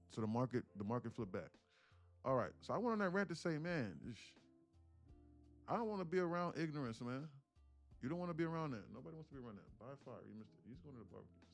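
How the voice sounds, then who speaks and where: A man hosting a casual live trading stream, telling a rambling story in a slangy way. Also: mid-range voice. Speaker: day trader and livestream host. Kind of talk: casual livestream chat.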